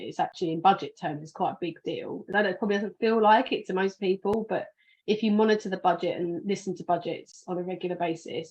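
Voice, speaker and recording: A British woman hosts a podcast in a loose, chatty monologue, sounding sleepy as she wanders from point to point and breaks off mid-sentence. The recording is dull and a little lo-fi. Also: medium pitch. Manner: chatty, rambling, restarts sentences. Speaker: podcast host.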